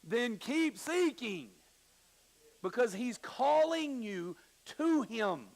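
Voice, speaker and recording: A middle-aged man preaching from a church pulpit, his voice sitting high for a man and carrying a gravelly edge. He swings from hushed scripture reading to emphatic declarations and acts out little stories with quoted voices. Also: big pitch swings, slow pace, low-quality recording. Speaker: pastor. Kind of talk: sermon. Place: church sanctuary.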